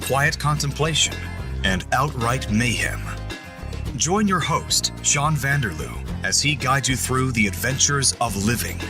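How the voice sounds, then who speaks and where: A man reads a podcast promo in a slow, measured, dramatic way. Guitar music plays clearly behind him, and his pitch sits in an ordinary middle range. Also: animated. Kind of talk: scripted promo read.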